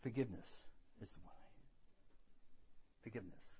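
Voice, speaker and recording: A man preaching a sermon and telling his own story earnestly, rising to loud emphasis and dropping to hushed lows, often repeating words as he builds. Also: moderate pace, slight background noise. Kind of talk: sermon with personal testimony.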